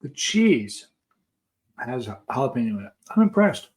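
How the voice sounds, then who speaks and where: Casting: male vlogger, mid pitch, chatty storyteller, snack-tasting asides. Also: very animated, moderate pace, darkish tone. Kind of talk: casual storytelling while taste-testing snacks.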